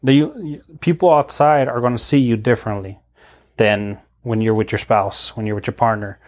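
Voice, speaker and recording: A male podcast host talks in loose, casual chat at an ordinary middle pitch. He rambles, restarts his sentences and laughs often. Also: fairly even intonation, moderate pace.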